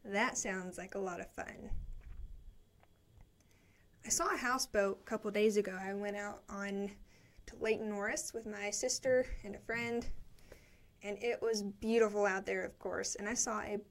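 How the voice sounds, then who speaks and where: A woman's voice: mid-range voice, steady tone, unhurried, long pauses. A young woman chatting casually from a studio cubicle, rambling and upbeat as she reads viewer comments, a little out of breath. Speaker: live stream show host.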